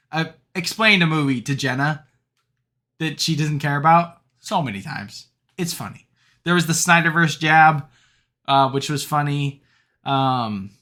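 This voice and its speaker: A young man with a bright, forceful voice, chatting about a film on a podcast. He rambles, fills gaps with "um" and "like," and laughs as he retells the jokes. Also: on the high side. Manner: rambling, many fillers, laughs while recounting jokes. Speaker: podcast co-host. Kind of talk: casual movie review chat.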